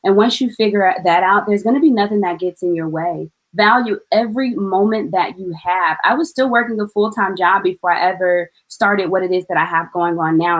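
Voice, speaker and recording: High-energy Midwestern woman giving encouragement. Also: low-quality recording. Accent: Midwestern American. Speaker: featured guest. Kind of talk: motivational talk.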